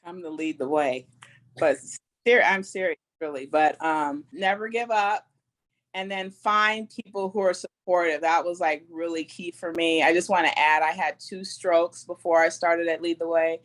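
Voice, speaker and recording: A woman's voice: on the low side, normal speed, fairly bright tone. A woman speaking as a podcast guest, a gym client talking candidly and casually. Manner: candid, open, casual with fillers. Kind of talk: casual interview answers.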